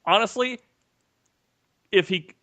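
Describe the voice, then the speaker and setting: A man co-hosting a casual podcast over a remote call. He spins a story with energy and slips into the voices of the people he quotes. His voice sits a little high. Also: slow. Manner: animated storyteller, acts out quotes. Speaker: podcast co-host. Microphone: remote call mic.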